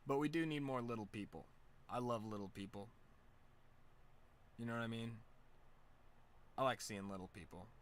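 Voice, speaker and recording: A man's voice: medium pitch, moderate pace, long pauses. A man streaming from home, telling stories in a loose, profane, laid-back way. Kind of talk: casual storytelling chat.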